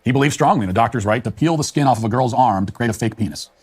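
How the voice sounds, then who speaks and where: A man's voice: medium pitch, very fast, darkish tone, breathy edge. A man delivering a scripted political commentary monologue in a scathing, emphatic manner.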